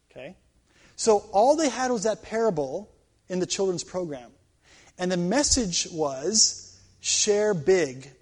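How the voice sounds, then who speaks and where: A middle-aged man teaching a class on reading the Bible, animated and emphatic, with exasperated asides. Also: high-pitched. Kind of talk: classroom lecture.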